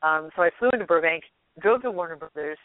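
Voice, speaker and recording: A woman guest telling a story in a lively way, laughing often and acting out what people said. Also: low-pitched, fast talker. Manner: animated, laughs often, acts out quotes. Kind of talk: casual storytelling. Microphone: telephone. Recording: tinny dry phone line.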